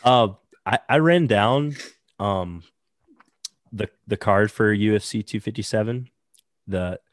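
Low-voiced man chatting, dry sound. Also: slow pace, no room sound. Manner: rambling, lots of fillers. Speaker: podcast co-host. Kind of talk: casual chat.

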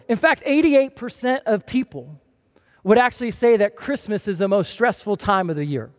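A young man preaching a sermon to a congregation, telling a funny personal story in an animated way. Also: very high-pitched. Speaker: pastor. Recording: long reverb of a large hall.

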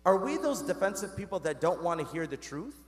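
A man's voice: high-pitched, big pitch swings, fairly quick. A man preaching a sermon as a priest, earnest and conversational, asking the congregation questions and calling them "guys". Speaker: Catholic priest. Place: church. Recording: long reverb of a church.

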